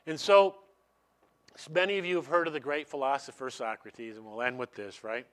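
A man's voice: mid-range voice, steady tone, a little fast. A man preaching a sermon in a conversational way, repeating his key phrases and ending in prayer. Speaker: pastor.

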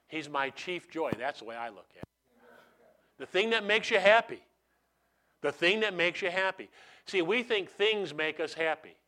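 A male pastor with a bright, forceful voice preaches conversationally and leans on repeated phrases. He talks to his listeners as if in casual chat, then turns to prayer. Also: a little high. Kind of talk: sermon.

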